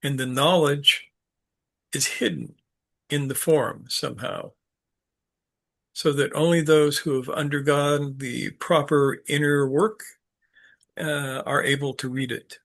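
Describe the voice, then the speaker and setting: A man giving an unscripted teaching talk, halting and full of fillers, with a dry sense of humor. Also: a little high, fairly even intonation, vocal fry, fairly bright tone. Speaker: speaker leading a study group talk.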